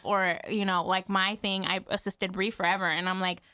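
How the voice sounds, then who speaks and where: A woman's voice: medium pitch, little pitch movement, normal speed, few pauses, pushed and bright, smooth, no echo. A woman hairstylist talking casually as a podcast guest, chatty, laughing often and full of "like".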